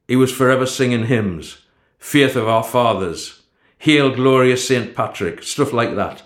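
A man narrating a first-person story in a steady storytelling manner. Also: mid-range voice, a little slow. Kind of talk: storybook reading. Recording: echoey room.

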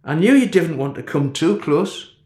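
A wry, dying older man, as a male storyteller puts him on. He speaks in a hushed, confiding way, pitched a little above the reader's natural voice. The storybook reading has a noticeable echoey room sound. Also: animated, normal speed, natural voice. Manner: confiding, half-whispered, chuckling.

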